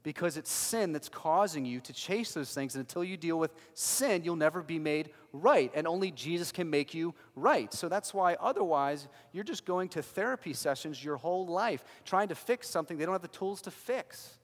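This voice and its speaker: A man preaching a sermon as a pastor, emphatic and swinging from loud declarations to hushed lines. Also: a little high, animated, moderate pace, few pauses, big-room sound.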